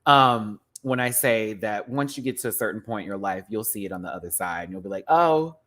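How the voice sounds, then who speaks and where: A man ranting casually as a show reviewer, sassy and animated, laughing often and swearing freely. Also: fairly low pitch, fairly quick. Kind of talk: casual reaction rant.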